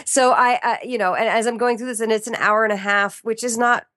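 A woman voiceover artist chatting as a podcast guest, animated and playful with quick asides. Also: a little high, no room sound, studio quality. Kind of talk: casual chat.

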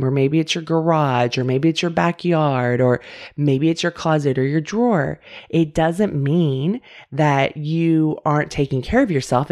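A woman's voice: low-pitched, darkish tone. A middle-aged woman hosting a self-help podcast, talking casually and candidly straight to her listeners. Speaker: podcast host.

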